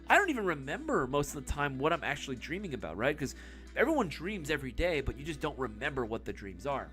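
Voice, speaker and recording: A young man hosts a casual live stream, tossing off answers to chat with a loose, laughing, swearing manner and a lot of bro. His voice sits a bit high for a man and swings widely in pitch. Faint music plays quietly behind him. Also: very animated, brisk. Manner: laid-back, swears freely, laughs often, says bro. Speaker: livestream host answering chat.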